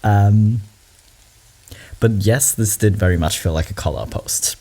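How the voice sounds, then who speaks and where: Brief: low, warm male host, loose and chatty reaction commentary, filler-heavy. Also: unhurried.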